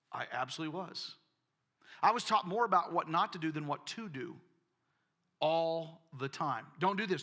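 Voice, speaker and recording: A man's voice: a little high, pushed and bright. A man preaching a sermon, telling folksy personal stories and often repeating words. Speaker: pastor.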